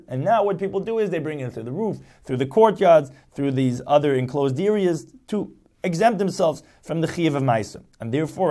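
A man's voice: a little high, dark tone. A man teaching a text as a lecture, explaining step by step and rephrasing each point. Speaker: Talmud teacher.

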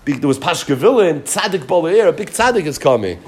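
A man giving a Talmud class, reading each line of the text, then translating it and retelling it with animated emphasis. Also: a little high, brisk. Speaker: Talmud teacher.

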